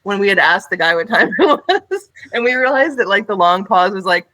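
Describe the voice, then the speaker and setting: A bright, chatty woman tells a story in a casual, animated way, full of giggles and fillers. Her voice is close and dry, with no room sound. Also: medium pitch, a little fast, no room sound. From United States. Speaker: podcast co-host.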